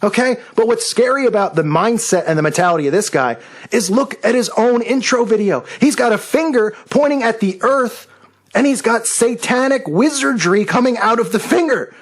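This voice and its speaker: A man's voice: extremely high pitch, animated, normal speed. A man hosting his own channel, delivering a combative, sarcastic rant at a rival. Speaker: video channel host. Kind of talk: angry rant video.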